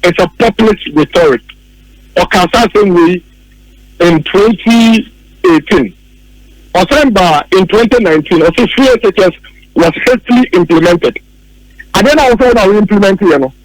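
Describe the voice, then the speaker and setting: A Ghanaian-accented man delivers heated political commentary in a high, ringing voice. He hammers his points home, repeating phrases and mocking opponents, and the studio sound is close and dry. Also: animated, normal speed, long pauses, no room sound, rough recording. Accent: Ghanaian English. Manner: emphatic, repeats key phrases, mocks opponents.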